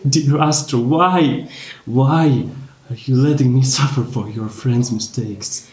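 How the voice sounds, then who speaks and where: A man's voice: mid-range voice, slow, echoey room, lightly acted. A man voicing a burnt, bleeding dead father who bitterly accuses his child and raises his voice in anguish.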